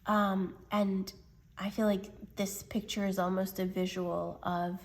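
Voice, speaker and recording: A woman talks through a spiritual tarot reading at a slow, drawn-out pace. She speaks gently and hesitantly, often pausing and filling gaps with soft fillers. Her voice is mid-pitched and close to the mic. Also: little pitch movement. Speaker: tarot reader.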